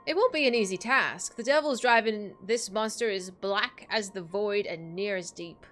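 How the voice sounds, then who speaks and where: A woman voicing a sly, menacing older woman who leads a gang, reading game dialogue aloud with silky, drawn-out threats over faint game music. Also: medium pitch, fairly bright tone, lightly acted.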